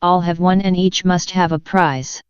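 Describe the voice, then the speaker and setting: A woman's voice: lowish voice, fairly even intonation, a little slow, clear, resonant tone, no room sound, lightly acted. A woman voicing a pompous talking dodo bird in a storybook reading, announcing things with self-importance. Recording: dull lo-fi dry recording.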